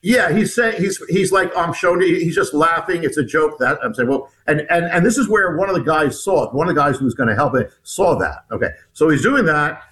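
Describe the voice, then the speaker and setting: A man, an author appearing as a guest, recounting a personal story in an interview, halting with frequent restarts and repeated words. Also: on the high side, lively intonation, fairly bright tone, low-quality recording.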